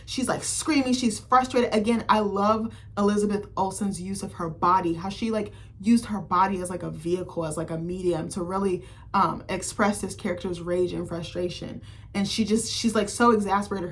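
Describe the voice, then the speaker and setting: A woman giving a casual, profane film recap as a critic vlogger, full of fillers like "like" and "um". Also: mid-range voice. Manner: chatty, profane, heavy on fillers like "like" and "um".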